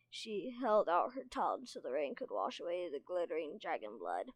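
A woman's voice: lowish voice, big pitch swings, normal speed, few pauses, no room sound. A woman reading a novel aloud expressively, now and then tripping over words and commenting on the characters. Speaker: reader and teacher.

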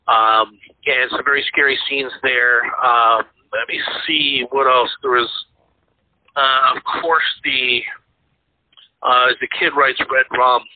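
A man's voice: medium pitch, steady tone, slow. A man co-hosting a casual podcast chat about movies, rambling with lots of fillers and restarts. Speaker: podcast co-host. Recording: tinny phone-like line.

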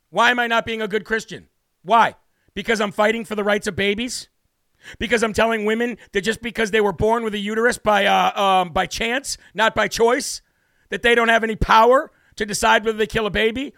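Brash, bright-voiced male talk host. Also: high-pitched, no room sound, clean studio sound. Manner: brash, emphatic, preachy. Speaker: political talk show host. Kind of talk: opinionated monologue with scripture reading.

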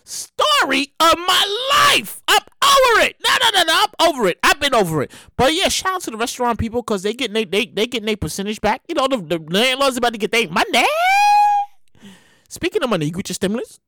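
A woman's voice: a little high, very animated, fast talker, a bit bright. A woman hosting a podcast in casual comedic commentary, exclaiming and repeating herself. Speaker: podcast host.

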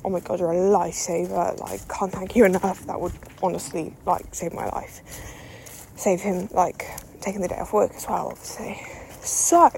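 A woman's voice: mid-range voice, creaky, darkish tone, a little hiss or hum, poor audio. A young woman telling a story as a podcast host, chatty and self-mocking, full of fillers and the odd swear. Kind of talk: casual storytelling monologue.

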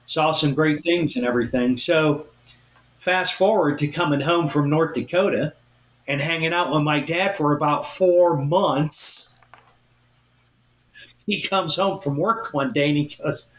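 A man co-hosting a podcast, telling a story in a casual, animated way and acting out what others said. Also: a little high, normal speed, echoey room. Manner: animated, acts out quotes of others. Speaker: podcast co-host.

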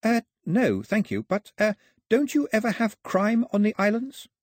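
A man's voice: sits high, very animated, normal speed, darkish tone, no room sound, studio quality, voice pushed up. A man voicing an earnest, flustered young girl who survived a shipwreck.

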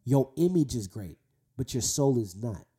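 Husky man preaching earnestly to men. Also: mid-range voice, animated, dark tone. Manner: earnest, exhorting, slows down for emphasis. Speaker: host speaking to men about faith. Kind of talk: preaching-style talk.

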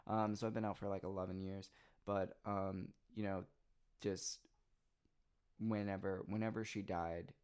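A man's voice: low voice, level tone, a little slow, a little mellow, clear, resonant tone. A man in his twenties, a podcast co-host, telling personal stories in casual chat, rambling with lots of "like" and "you know". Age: 20s. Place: Los Angeles.

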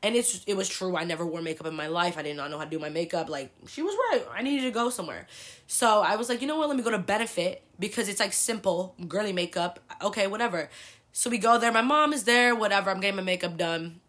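A woman's voice: mid-range voice, quick pace, a bit bright. A young woman from the San Francisco Bay Area, hosting a podcast and telling a rambling, profane story with a lot of "like". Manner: profane, rambling, heavy use of like. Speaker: podcast host. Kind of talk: casual storytelling.

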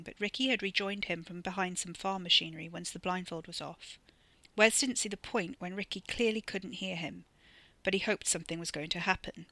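A narrator and author reading a scripted horror story with steady, varied emphasis on a close mic. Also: mid-range voice, no echo.

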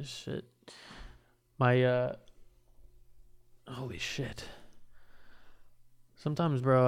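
A young man hosts a casual solo podcast from his home apartment, rambling in a laid-back, profane, self-mocking way. His voice is smooth and medium in pitch.

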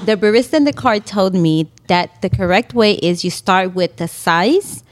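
A woman's voice: mid-range voice, normal speed, slight background noise. A woman co-hosting a podcast in casual chat, laughing often and acting out quotes as she tells stories. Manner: laughs often, animated storytelling with acted-out quotes. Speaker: podcast co-host.

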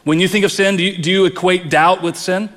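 A man's voice: high-pitched, steady tone, fairly quick, fairly bright tone, in a large hall. A man preaching a sermon as pastor, earnest, often repeating words as he presses a point.

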